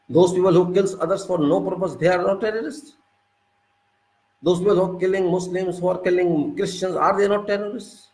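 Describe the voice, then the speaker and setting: A man's voice: sits high, a little mellow, echoey room, rough recording. Indignant Indian man lecturing. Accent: Indian English. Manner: indignant, lecturing, repeating rhetorical questions. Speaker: political commentator. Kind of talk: spoken political monologue.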